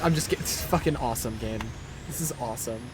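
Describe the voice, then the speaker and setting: A man's voice: mid-range voice, fast, background noise. A young man streaming a live game, ranting and swearing at a boss with repeated frustrated outbursts. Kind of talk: live gameplay commentary.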